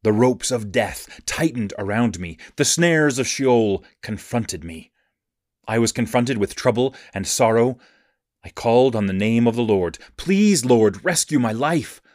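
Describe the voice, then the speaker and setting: Low-voiced man reading scripture, dry sound. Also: a little mellow, no room sound. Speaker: scripture reader.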